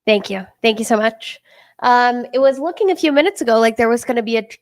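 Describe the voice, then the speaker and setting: A woman's voice: fairly high pitch, quick pace, dry recording. A woman hosting a live trading webinar over a video call, upbeat and welcoming. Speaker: webinar host, product director. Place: home in Denver.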